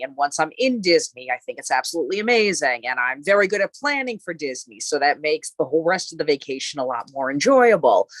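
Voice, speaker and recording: A woman's voice: sits low, fairly bright tone, dry recording. A woman in her thirties with a Long Island accent, chatting casually and upbeat as a podcast co-host. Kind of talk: casual chat.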